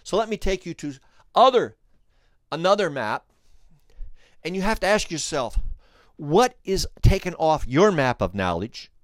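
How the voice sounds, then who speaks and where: A man hosting a podcast, telling a story in an animated way, restarting phrases and speaking straight to the listeners. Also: fairly high pitch, unhurried, pauses often, dry recording, studio quality. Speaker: podcast host. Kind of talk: storytelling commentary.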